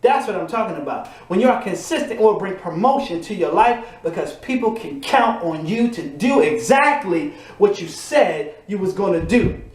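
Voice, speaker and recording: A man's voice: high-pitched, expressive, normal speed, few pauses. A man preaching a motivational sermon, building to emphatic repeated refrains. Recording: echoey room.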